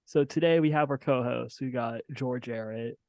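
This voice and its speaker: A man's voice: medium pitch, normal speed, darkish tone, no echo. Chill guy hosting a podcast, ums a lot, dry close mic. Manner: laid-back, introduces guests with filler ums. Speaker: podcast host. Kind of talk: casual podcast chat.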